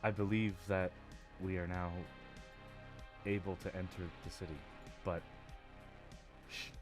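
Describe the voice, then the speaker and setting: Man voicing a cautious adventurer, low voice, quiet, measured, faint music behind. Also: level tone.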